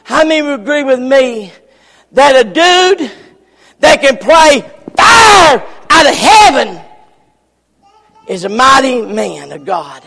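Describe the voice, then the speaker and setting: A man preaches in a slow, drawn-out way. His voice sits very high for a man and has a gravelly edge. He repeats his phrases and rises into sudden shouts, and his words echo with a long tail through a large church hall. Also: very animated, a faint crowd. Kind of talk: sermon.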